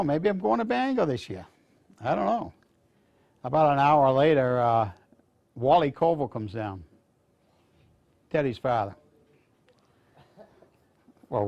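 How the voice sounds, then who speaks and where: A man's voice: mid-range voice, gravelly, darkish tone, muffled recording. An older man from Maine, a veteran speaking to students, telling folksy stories in a rambling, casual way. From Maine, USA. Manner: rambling, folksy anecdotes with restarts.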